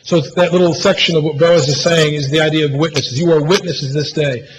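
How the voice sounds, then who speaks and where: A man's voice: on the high side, fairly even intonation, a little fast. A pastor preaching a conversational sermon in a church, often restarting his phrases and checking in with "right?". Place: church sanctuary. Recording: church hall reverb, faint room noise.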